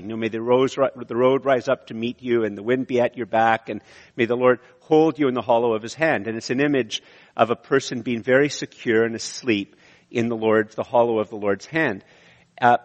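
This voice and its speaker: A man preaching a sermon in a relaxed, conversational way, often restarting his sentences. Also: mid-range voice. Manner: conversational, with frequent restarts and fillers. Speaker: pastor. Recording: long hall reverb.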